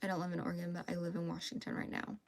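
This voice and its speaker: A woman's voice: on the low side, monotone, very fast, vocal fry. A young woman with a Southern US accent chatting casually on a crochet livestream, reading out viewer comments and laughing easily. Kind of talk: casual live chat.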